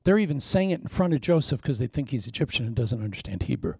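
A male preacher with a gravelly, husky voice pitched a little high, his delivery swinging all over the place. He tells stories with dramatic drops into hushed whispers and bursts up into shouts. The sound is close and dry. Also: big pitch swings, fast, no echo. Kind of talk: sermon.

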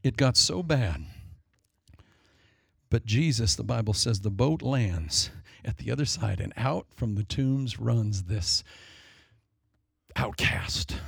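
Male preacher, gravelly voice, dry close sound, dramatic storyteller who slips into character voices. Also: mid-range voice, dry recording. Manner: dramatic, acts out demons and people in quick asides. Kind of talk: sermon.

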